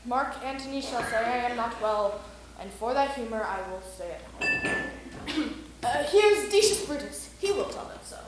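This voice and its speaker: A woman playing the proud, defiant Roman ruler Caesar in an amateur stage production, delivering verse slowly and grandly. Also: a little high, lively intonation, background noise. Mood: dismissive. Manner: slow, declamatory verse delivery. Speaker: camp actor. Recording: echoey room.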